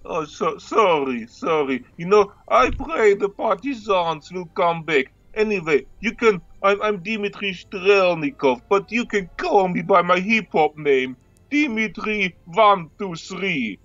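An actor playing a goofy young Russian would-be rapper calling in, speaking in a Russian accent with broken grammar. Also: male voice, high-pitched, expressive, slow pace, hardly any pauses, a bit bright, dry recording, highs cut off, heavily acted. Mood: earnest. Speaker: caller.

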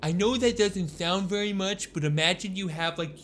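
A man voicing a nerdy young man in glasses who talks in a slow, mild, know-it-all way. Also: high-pitched, a bit bright, a little hiss or hum, pitched above the performer's own voice. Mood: explaining. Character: nerdy bespectacled young man explaining things. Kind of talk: put-on character voice in a gaming video.

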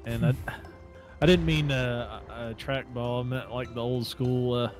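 Very low-voiced woman rambling over a game. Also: steady tone, unhurried, darkish tone, soft background music. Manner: rambling, hesitant, many fillers. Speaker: gamer playing online with friends. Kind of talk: casual gaming chat.

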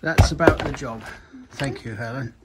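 A man's voice: medium pitch, moderate pace. Blunt man with a noisy outdoor sound. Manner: blunt, swears freely. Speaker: nursery owner. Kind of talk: casual chat. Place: outdoors at a hillside nursery.

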